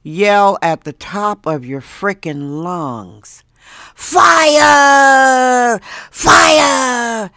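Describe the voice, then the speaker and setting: Woman podcast host from Wisconsin, hoarse from a lost voice, slow and self-mocking, recorded dry at home. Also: low-pitched, animated, dry recording. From Wisconsin, USA. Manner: chatty, jokey, laughs at herself. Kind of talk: casual solo monologue.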